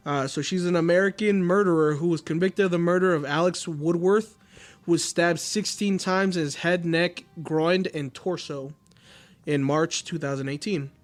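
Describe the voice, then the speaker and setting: A man's voice: on the high side, normal speed, faint music behind. A man hosting a podcast, casually recounting a murder case, swearing and joking, while feeling under the weather. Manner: reads case notes loosely, swears, laughs often. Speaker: podcast host. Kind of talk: casual true-crime chat.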